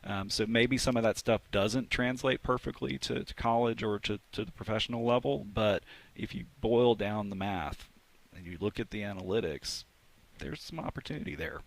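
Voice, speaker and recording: A man's voice: on the low side, moderate pace, gravelly, no echo. A man who teaches sports analytics, chatting eagerly in a radio interview and often restarting his phrases.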